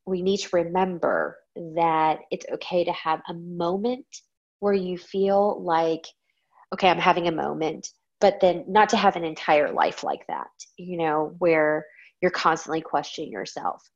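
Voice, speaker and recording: Woman with a bit of a drawl doing a solo podcast, lowish voice, lotta ums, kinda muffled sound. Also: a little slow. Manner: candid, reflective, with frequent ums. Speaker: podcast host. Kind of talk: casual solo podcast talk.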